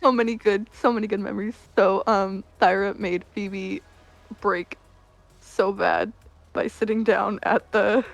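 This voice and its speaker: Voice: medium pitch, fairly even intonation, a little slow, gravelly, dull audio. An interview guest speaking casually, agreeing readily and offering encouraging advice. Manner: agreeable, encouraging, chimes in with short affirmations. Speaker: interview guest, roleplay player.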